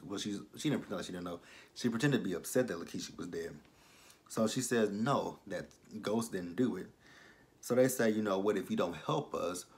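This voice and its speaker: A man giving a casual, animated recap of a TV episode, acting out the characters' lines and swearing freely. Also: sits low. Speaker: TV episode reviewer.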